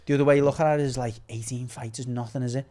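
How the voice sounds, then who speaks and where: A man's voice: mid-range voice, steady tone, racing, warm tone. A man, a podcast guest chatting about sport in a rambling, agreeable way. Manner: rambling, restarts phrases, agreeable. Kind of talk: casual sports chat.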